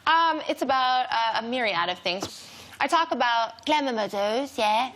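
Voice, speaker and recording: A woman in her thirties trades deadpan jokes as a talk show guest. A steady noise hum sits under her voice. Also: fairly high pitch, moderate pace. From Canada. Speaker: comedian guest.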